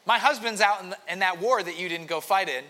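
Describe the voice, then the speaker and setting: A man's voice: sits high, fast talker, bright, forceful tone, pitched above the performer's own voice. A man voicing a worried young woman with urgent news. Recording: long hall reverb.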